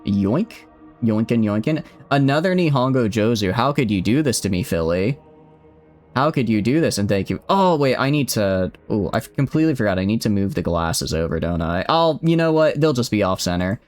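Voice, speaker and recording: A man's voice: fairly low pitch, expressive, normal speed, a little mellow, soft background music. A man with a Southern US accent, a game streamer talking playfully and teasingly to his chat while he plays. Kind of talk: casual live-stream chat.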